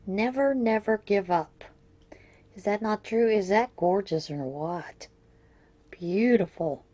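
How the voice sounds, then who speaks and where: Brief: chatty female crafting vlogger, mellow warm tone, effusive unboxing talk. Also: mid-range voice, takes it slowly, lo-fi sound. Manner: chatty, gushing over each item. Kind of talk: casual unboxing chat.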